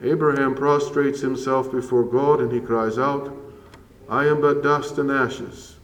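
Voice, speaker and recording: A man preaching a sermon as a priest, measured and earnest with slow emphatic pauses. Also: mid-range voice, fairly even intonation. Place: church. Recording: roomy church echo from far off.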